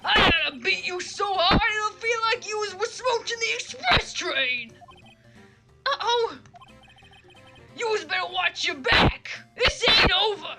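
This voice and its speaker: A woman voicing a hot-tempered young male biker punk, shouting in strained tough-guy slang. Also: very high voice, lively intonation, a little slow, over loud music, voice pushed up, full character voice. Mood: threatening.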